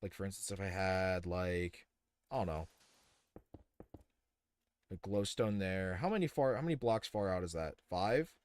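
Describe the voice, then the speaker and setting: A man's voice: low voice, unhurried, pauses often, clear, resonant tone, dry recording. Rambling young man streaming, dry close mic. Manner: rambling, thinks aloud with many fillers and restarts. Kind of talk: casual live-stream commentary while building.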